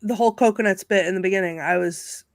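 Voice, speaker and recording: A woman on a video call chatting excitedly with friends on a live stream, laughing often as she talks. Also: mid-range voice, fast, no echo. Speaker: panelist. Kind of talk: casual chat on a live stream.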